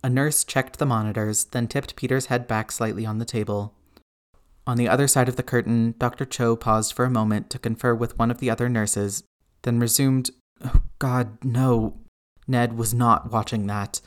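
A man narrating fiction in a measured, even audiobook reading. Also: mid-range voice, smooth. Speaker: reader.

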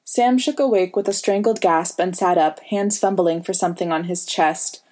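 A woman narrating a story in a steady, even reading voice. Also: on the low side, moderate pace. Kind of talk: audiobook reading.

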